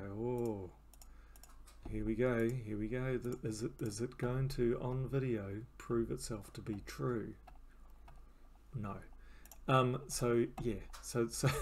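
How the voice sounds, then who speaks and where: A man's voice: medium pitch, creaky, darkish tone. A man giving rambling, self-mocking commentary over his gameplay, with many restarts and fillers. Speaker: game channel host.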